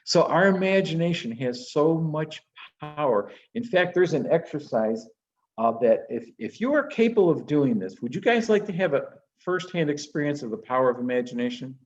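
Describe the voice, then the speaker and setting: A male minister teaches a live class in a relaxed, conversational way. He asks the group questions and leads them through an exercise. The recording is a little dull and lo-fi. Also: a little high, moderate pace. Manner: conversational, guiding the class with direct questions and instructions.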